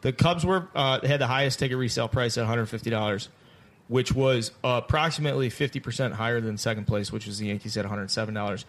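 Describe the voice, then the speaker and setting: A man's voice: medium pitch, steady tone, quick pace. Man, podcast host, casual sports chat, brash, teasing, swearing.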